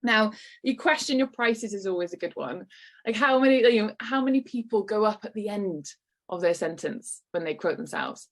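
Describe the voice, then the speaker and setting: A woman's voice: mid-range voice, animated, normal speed. A woman giving an encouraging online workshop talk to business owners over a video call. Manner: encouraging, lightly acts out quoted voices.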